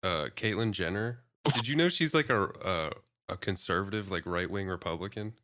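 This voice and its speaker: A laid-back man co-hosting a podcast, speaking in a low, deep voice. He keeps his replies short and loose in casual banter. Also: normal speed, sharp tone. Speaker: podcast co-host. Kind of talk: casual chat.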